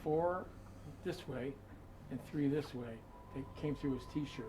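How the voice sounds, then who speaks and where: A man's voice: medium pitch, slow pace. Man telling a spooky story, noisy room. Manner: conversational, dramatic retelling with many asides. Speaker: storyteller guiding a museum tour. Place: a museum room.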